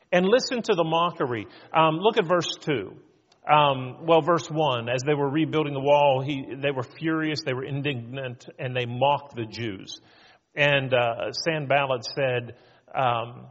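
A man's voice: medium pitch, moderate pace. A middle-aged male pastor preaching a sermon in a conversational way, often acting out quoted voices. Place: church sanctuary. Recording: muffled church hall with long reverb.

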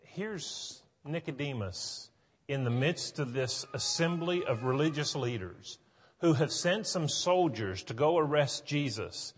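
A man's voice: a little high, expressive, measured pace, breathy edge, in a large hall. A male pastor preaching a sermon earnestly, pushing into emphatic points.

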